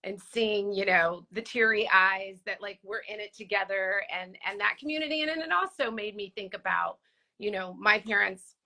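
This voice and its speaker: A woman in her forties as a guest in a casual conversation, talking in a reflective, heartfelt, unhurried way. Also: medium pitch, vocal fry, bright, forceful tone.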